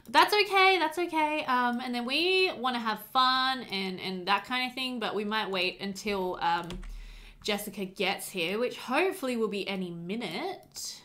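Bright, animated woman gaming host. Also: medium pitch, a little slow. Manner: chatty, excitable, talks to her game characters. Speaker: let's play host. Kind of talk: casual gameplay commentary.

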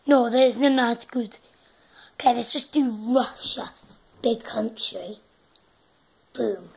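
A woman's voice: a little high, slow pace, vocal fry, long pauses, a little mellow, husky. A young woman vlogging casually, hesitant and self-conscious as she tries out accents. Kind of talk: casual vlog, trying out accents.

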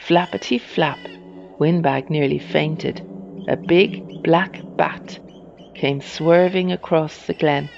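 A reader telling a children's storybook in a slow, even storytelling manner. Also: medium pitch, creaky, highs cut off, background noise.

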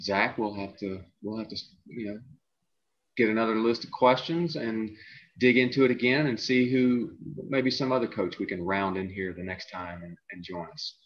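A middle-aged man with a somewhat low voice hosts a casual podcast from a video call, and his sound comes through dull and lo-fi. He speaks haltingly, with plenty of "uh"s and repeated words as he works toward each point. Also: steady tone. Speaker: podcast host and coach.

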